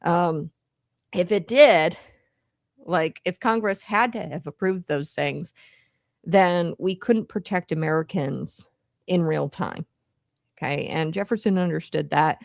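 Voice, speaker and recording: A young woman hosting political commentary, a little out of breath from late pregnancy, riffing in an animated way with plenty of fillers. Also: lowish voice, a little slow, vocal fry, no room sound, clean studio sound. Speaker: host.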